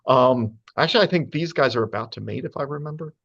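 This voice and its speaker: A man's voice: medium pitch, fast talker, vocal fry, a bit bright, lo-fi sound. Chatty man lecturing on birds. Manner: chatty, many fillers, playful asides. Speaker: speaker giving a talk to birders. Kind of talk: casual lecture with slides.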